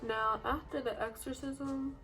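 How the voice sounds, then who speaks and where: Young woman rambling thru a spooky story, lots of likes and ums, quiet music in back. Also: high-pitched, steady tone, measured pace, low-quality recording. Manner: chatty, lots of fillers like "like" and "um". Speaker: beauty vlogger telling a true-crime story. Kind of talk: casual storytelling while doing makeup.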